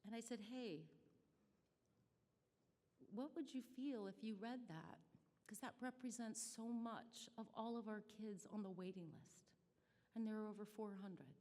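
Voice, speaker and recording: A woman's voice: medium pitch, a little mellow. A middle-aged woman with a Midwestern American accent, telling a personal story in a chatty, self-deprecating way at a charity brunch. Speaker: nonprofit staff speaker. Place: banquet hall. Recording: reverberant hall audio.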